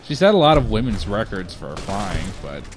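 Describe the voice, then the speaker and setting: A young man co-hosting a let's play, laid-back but quick to argue a point. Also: lowish voice, very animated, noisy background. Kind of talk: casual gameplay banter.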